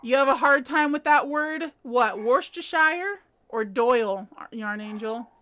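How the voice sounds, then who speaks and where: Woman, high voice, bright tone, casual livestream chat, giggly, reads comments aloud. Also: measured pace. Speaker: livestream host. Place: at home.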